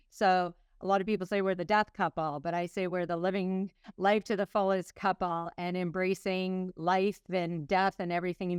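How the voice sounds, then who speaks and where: A woman's voice: lowish voice, smooth, no echo, clean studio sound. A middle-aged woman from Canada, a former nurse speaking as a guest author, talking in an effusive, heartfelt way with frequent restarts. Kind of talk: emotional personal talk.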